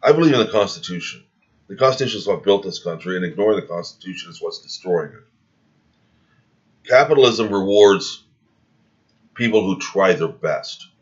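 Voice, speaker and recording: A man's voice: deep voice, lively intonation, moderate pace, pauses often. A man speaking in a heated opinion monologue, rambling and restarting his words, recorded with dull, lo-fi sound. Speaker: video commentator.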